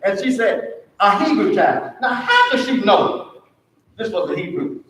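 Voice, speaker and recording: Man, high voice, teaching a church Bible class; echoey room, distant mic. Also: very animated, unhurried, a bit bright. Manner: call-and-response questioning. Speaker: Sunday school teacher.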